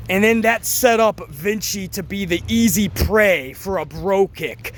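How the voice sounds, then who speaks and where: A man giving a casual, excitable review of a wrestling event, rambling and swearing as he goes. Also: high-pitched, measured pace. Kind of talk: casual commentary.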